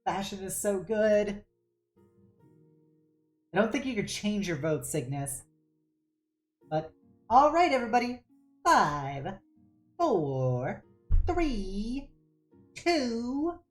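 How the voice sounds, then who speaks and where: A woman's voice: medium pitch, big pitch swings, very slow, pauses often, faint music behind. A woman streaming a game live, reading its text aloud in a playful, mock-dramatic way and laughing often.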